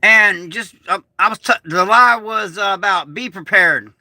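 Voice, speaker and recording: A man telling a rambling, excitable story on a casual livestream, swearing and restarting often. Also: high-pitched, unhurried, dry recording. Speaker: prepper vlogger. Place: small shed turned bunker.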